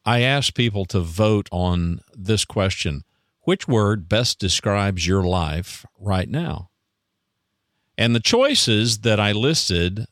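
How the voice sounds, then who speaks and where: Podcast host, man, very low voice, dry close sound, musing and self-deprecating. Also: no room sound. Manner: rambling, self-deprecating, frequent restarts and chuckles. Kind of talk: casual reflective monologue.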